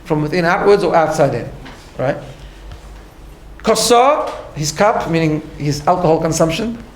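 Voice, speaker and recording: A man's voice: a little high, lively intonation, unhurried, reverberant, a little hiss or hum. A man teaching a class, explaining his ideas step by step and often checking in with "right?". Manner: earnest, explains step by step, tags lines with "right?". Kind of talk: recorded class lecture.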